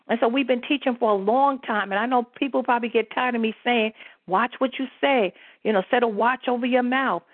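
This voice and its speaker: A woman's voice: mid-range voice, dry recording. A woman preaches with fervor as she leads a prayer call, dropping hallelujahs between her phrases. Her voice comes through a thin, phone-like line. The sound is dry, with no room around it. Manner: fervent, peppered with hallelujahs. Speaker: apostle leading a prayer call.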